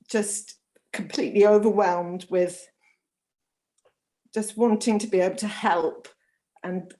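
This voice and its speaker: Female caller from London, slow and halting, near tears. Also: medium pitch, mellow. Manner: emotional, hesitant, many restarts. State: close to tears. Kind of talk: phone-in call.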